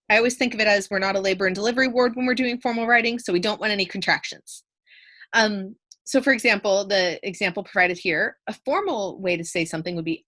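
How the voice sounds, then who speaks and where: A young woman teacher explains a lesson in a relaxed, chatty way. Her voice sits in an ordinary middle range, and she fills pauses with frequent fillers. When she reads out example lines, her voice jumps up in a lively way. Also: medium pitch. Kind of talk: casual video lesson.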